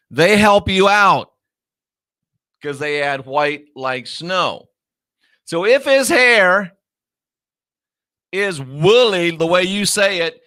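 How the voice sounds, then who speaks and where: A man's voice: on the high side, pushed and bright, no echo, clean studio sound. Scornful lecturing male show host. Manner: scornful, lecturing, stretches key words slowly. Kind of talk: lecturing commentary monologue.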